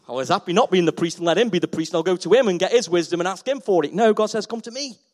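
A man preaching a sermon to his church, passionate and repeating phrases, swinging between loud and soft. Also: high voice, lively intonation, quick pace. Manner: passionate, rising and falling in volume, repeats phrases. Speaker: pastor. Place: church hall.

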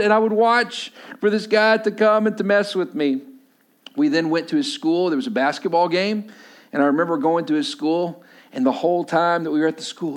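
A man in his thirties preaching a sermon as a pastor. His voice sits a little high for a man, and he talks in an easy, conversational way, telling stories and leaning on frequent "uh"s as he goes. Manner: conversational storytelling, many filler "uh"s.

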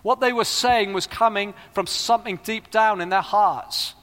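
A man's voice: high voice, moderate pace, fairly bright tone. A middle-aged man preaching a sermon, earnest and rising to fervent appeals. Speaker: pastor. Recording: long reverb of a large hall.

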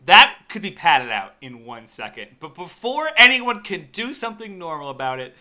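A man's voice: fairly high pitch, sing-song, normal speed, pushed and bright. A man co-hosting a casual movie review podcast, recapping scenes with wry, profane exasperation. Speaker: podcast co-host.

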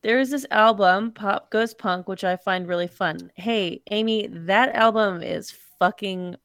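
A woman's voice: medium pitch, measured pace, fairly bright tone, no echo, studio quality. Wry woman reading listener emails. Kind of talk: casual chat.

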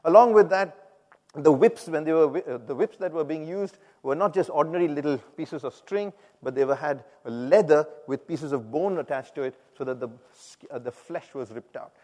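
Man, testimony to a congregation, animated storyteller, acts out quotes, slightly high voice, long hall echo. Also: moderate pace. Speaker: speaker giving a personal testimony.

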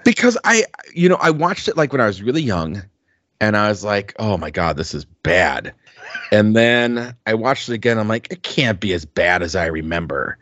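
A lower-pitched man co-hosts a podcast in loose, casual chat. He rambles, restarts his sentences and leans on fillers. The sound is dry and dull, like lo-fi podcast audio. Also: expressive, normal speed, fairly bright tone, dry recording. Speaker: podcast co-host.

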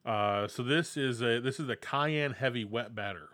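A man's voice: mid-range voice, normal speed, a bit bright, no echo. A man co-hosting a casual podcast, reading food facts aloud between restarts. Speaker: podcast co-host.

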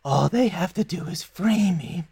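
A man's voice: high voice, expressive, a little slow, gravelly, mellow, breathy edge, pitched above the performer's own voice, full character voice. Man playing a scheming chained devil. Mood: sly. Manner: silky, scheming, drops to whispers. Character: sly bound male devil bargaining from chains. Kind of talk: tabletop role-play voice.

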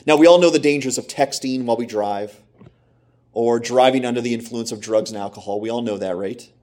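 Middle-aged man preaching a sermon; emphatic, repetitive, mid-pitched, asks the congregation questions. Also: a little fast, a little mellow. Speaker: pastor.

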